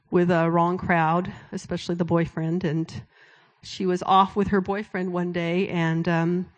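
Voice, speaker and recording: Woman preaching a personal testimony. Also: lowish voice. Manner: storytelling, drops to a hushed whisper when quoting God. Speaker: speaker at a Christian event. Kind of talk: sermon-style testimony.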